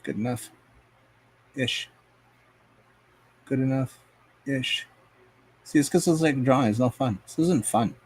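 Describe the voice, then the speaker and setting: A man's voice: mid-range voice, measured pace, long pauses, darkish tone, husky. A man live streaming as he paints, rambling to himself and his chat in a casual, profane way. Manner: rambling, talks to himself and chat, swears often.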